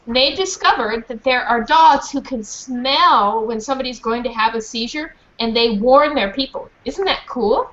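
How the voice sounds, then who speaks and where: A woman's voice: on the high side, normal speed, few pauses. Woman reading a story to a class. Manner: lively and questioning, checks in with the children. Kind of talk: reading a storybook aloud to children. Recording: dull muffled recording with faint hiss.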